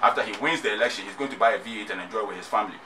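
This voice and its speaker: A man's voice: fairly low pitch, very fast. A man with a Ghanaian English accent speaking as a guest in a radio interview. He talks emphatically and repeats his points. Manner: emphatic, repetitive rhetorical speech. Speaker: musician and activist guest. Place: radio studio. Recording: distant mic, noisy studio.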